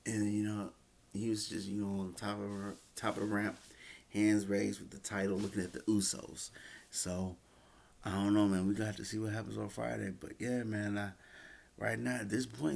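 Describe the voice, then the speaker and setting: Casual rambling male reviewer, low gravelly voice. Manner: rambling, many fillers and restarts. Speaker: wrestling reviewer.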